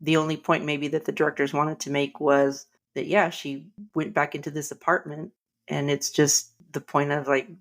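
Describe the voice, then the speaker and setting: A woman with a very low, gravelly voice chats casually as a podcast co-host. She sounds easygoing and often laughs between her remarks. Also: little pitch movement, normal speed. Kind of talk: casual chat.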